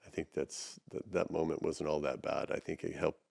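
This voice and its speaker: A man's voice: rumbling low, fairly even intonation, normal speed, vocal fry, a little mellow, no room sound, clean studio sound. A man co-hosting a talk show, chiming in with short supportive replies and musing asides. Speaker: podcast co-host. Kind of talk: casual chat.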